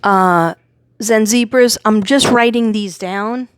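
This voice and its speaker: A woman doing a psychic tarot reading, reading out card words in lists and retelling messages with animated energy. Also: medium pitch, slow, smooth, no echo.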